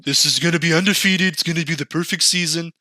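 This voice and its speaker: Guy doing a smug ai voice, way up high, cocky and bragging. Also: fairly even intonation, fast, sharp tone, no room sound. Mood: boastful. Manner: cocky, dismissive, insisting. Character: stubborn overconfident AI, male, boastful.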